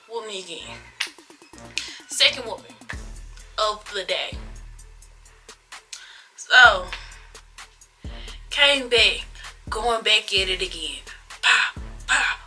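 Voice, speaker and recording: Young woman, vlogger, storytime on a phone camera, slow delivery, bright high voice. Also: low-quality recording. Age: young adult. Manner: dramatic retelling with slang and sound effects. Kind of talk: storytime vlog.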